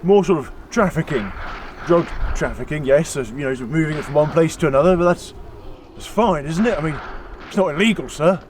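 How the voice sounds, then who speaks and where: A man's voice: fairly high pitch, expressive, fairly quick, a little hiss or hum, close to an everyday voice. A man playing a hesitant, deferential British private. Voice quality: deferential, hesitant, keeps saying sir. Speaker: comedy sketch actor. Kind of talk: comedy sketch acting.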